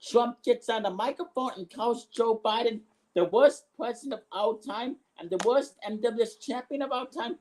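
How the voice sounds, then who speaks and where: Excitable rambling wrestling commentator. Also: male voice, high voice, rough recording. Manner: rambling recap with frequent restarts and sudden excited outbursts. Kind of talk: amateur recap commentary of a wrestling show.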